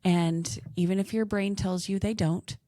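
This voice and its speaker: Southern woman podcast host, earnest and encouraging, mid pitch, dry close sound. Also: fairly even intonation, a little slow, dark tone, no room sound. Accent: Southern American. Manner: earnest, encouraging, giggly in bloopers. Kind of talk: casual podcast chat with faith reflection.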